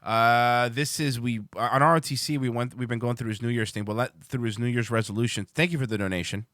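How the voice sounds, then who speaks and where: A man's voice: medium pitch, steady tone, fast, a bit bright, dry recording, studio quality. A man hosting a livestream show, rambling and swearing casually as he chats to viewers. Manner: rambling, profane, restarts a lot.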